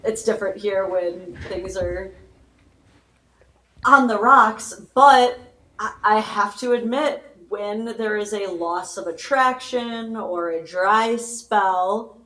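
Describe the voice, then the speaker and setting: Brief: mid-pitched female guest, casual and chatty, roomy echo. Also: slow pace, bright, forceful tone. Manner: casual, chatty, laughs often. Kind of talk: live chat.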